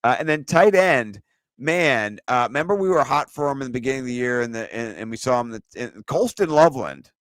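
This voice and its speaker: Excitable swearing man on a podcast. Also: medium pitch, brisk, no echo. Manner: excitable, swears, rambles with fillers. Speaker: podcast co-host. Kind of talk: casual sports chat.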